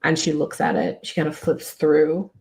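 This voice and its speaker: A woman narrating as game master of a tabletop game, relaxed and meandering. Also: low-pitched, moderate pace, vocal fry, rough recording. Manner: relaxed, meandering with many fillers.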